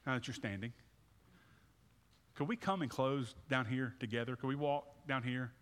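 Guy in his 30s preaching casual-style, lots of restarts and repeats, mid pitch, big echoey church hall. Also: fairly even intonation, normal speed, fairly bright tone. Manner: conversational preaching with many restarts and repeated words. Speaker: pastor. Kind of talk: sermon with altar call. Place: church sanctuary. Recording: reverberant hall.

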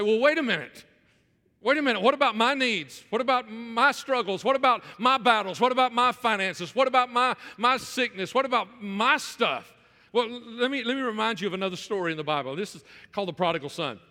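A male pastor preaching a sermon in church, repeating phrases for emphasis and restarting his sentences quickly. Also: sits high, bright, forceful tone, big-room sound. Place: church sanctuary.

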